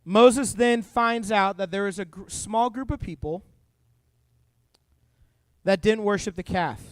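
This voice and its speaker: Young guy youth pastor, high clear voice, dry close sound, jokey animated bible talk. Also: measured pace, dry recording. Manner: animated storytelling with jokes and quoted voices.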